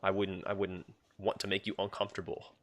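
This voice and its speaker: A young man streams a game and chats casually with his viewers, rambling, addressing chat, and full of fillers and restarts. His low voice is fairly bright and a little fast, delivered completely flat.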